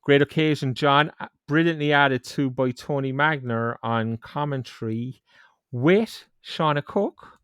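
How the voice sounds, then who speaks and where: A man with an Irish accent hosts a sports podcast in a relaxed, chatty way, poking fun at himself. His voice sits at an everyday middle pitch. The podcast mic is close and the room is dry, with no echo. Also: smooth. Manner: chatty and self-mocking, brisk headline read. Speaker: podcast host. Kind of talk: casual sports podcast chat.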